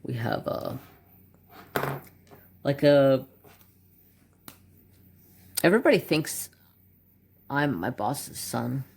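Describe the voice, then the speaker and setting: A man's voice: medium pitch, lively intonation, very slow, creaky, long pauses, darkish tone, slight background noise. A man in his forties chatting casually as a craft channel host, rambling and joking with muttered asides while swatching markers at his home desk.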